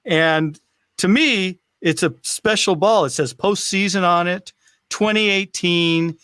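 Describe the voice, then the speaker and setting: A man, a sports camera operator, chatting casually as a guest over a video call, halting and restarting his sentences. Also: high-pitched, bright, forceful tone, clear, resonant tone, no room sound.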